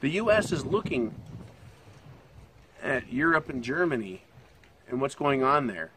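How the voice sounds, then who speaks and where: A man's voice: medium pitch, sing-song, measured pace, fairly bright tone, a little hiss or hum. Profane older American man rambling on economics. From United States. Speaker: channel host. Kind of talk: casual economic commentary.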